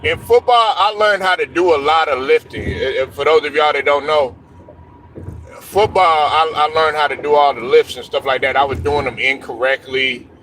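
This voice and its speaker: A man's voice: on the high side, normal speed, sharp tone, a little hiss or hum. A young man hosting a casual sports talk show, telling stories loosely with slang, cursing and laughs.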